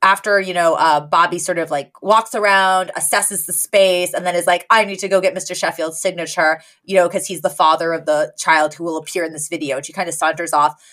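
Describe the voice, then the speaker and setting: A woman co-hosting a podcast, chatting casually about a sitcom episode and acting out the characters' lines with sudden jumps in pitch. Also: steady tone, a bit bright. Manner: chatty, acts out quotes with quick pitch jumps. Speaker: podcast co-host.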